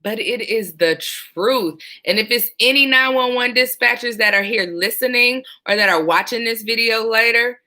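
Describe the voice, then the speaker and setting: A former 911 dispatcher telling stories from the job in a casual, animated way, often breaking into laughter. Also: female voice, fairly high pitch, moderate pace, hardly any pauses. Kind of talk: casual storytelling vlog.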